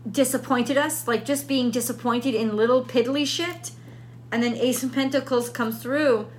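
A woman's voice: sits high, a little hiss or hum. A woman reading tarot cards in a casual, unscripted way, thinking aloud and often repeating her questions. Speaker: tarot reader.

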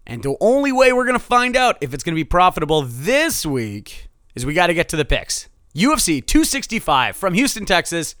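Animated sarcastic man hosting betting podcast. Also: high-pitched, brisk, dry recording, studio quality. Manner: animated, sarcastic, swings from loud to muttered asides. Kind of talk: solo sports betting podcast.

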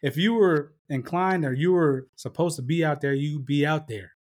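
A man's voice: fairly high pitch, normal speed, darkish tone. A middle-aged man hosting a podcast, telling stories casually and with plenty of profanity, acting out the voices he quotes. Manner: profane storyteller who acts out quoted voices. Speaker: podcast host. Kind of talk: casual chat.

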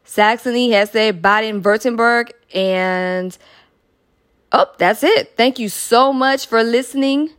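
A woman's voice: on the high side, takes it slowly, smooth. A woman from Atlanta hosting a podcast, chatting casually, laughing often and making playful asides. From Atlanta, Georgia. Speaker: podcast host.

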